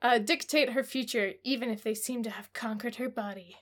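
A woman's voice: on the high side, fairly quick. A woman co-hosting a comedy podcast, reading romance blurbs aloud in a wry, giggly, mock-dramatic way. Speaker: podcast co-host.

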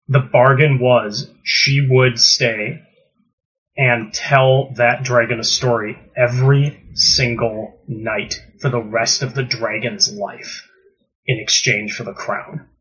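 Excited guy gushing about a game night, bit husky, muffled lo-fi audio. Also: medium pitch, slow. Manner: enthusiastic, gushing. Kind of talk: casual chat recapping a live-action game. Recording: dull lo-fi recording.

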